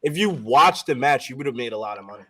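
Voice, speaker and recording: A man on a live sports stream, telling stories excitably and laughing between lines. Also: mid-range voice, fast, husky. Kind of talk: casual live stream banter.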